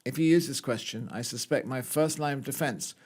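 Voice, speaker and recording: A man's voice: medium pitch, fairly quick, a little mellow, husky. A man co-hosting a gardening podcast, chatting casually with jokes and stumbling restarts. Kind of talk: casual chat.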